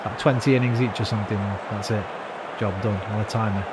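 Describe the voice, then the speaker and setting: A British man in his thirties streams a football game, chatting casually, swearing freely and ranting at his team over loud music. His voice sits on the low side with fairly even intonation, and he talks fairly quickly. The recording has a noisy background.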